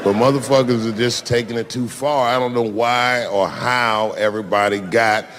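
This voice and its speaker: A man doing profane stand-up comedy, boastful and slowing down to land his points. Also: medium pitch, fairly even intonation, fairly bright tone. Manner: profane, boastful, slows down for emphasis.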